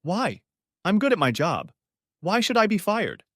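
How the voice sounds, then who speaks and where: A tearful wife caught cheating, her voice pushed high and shaking with pleading, as a male narrator puts her on. She begs and sobs in a dry, close recording. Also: wildly swooping pitch, a little slow, fairly bright tone, no echo, full character voice. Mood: desperate. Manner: pleading, sobbing. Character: tearful guilt-ridden wife, middle-aged woman.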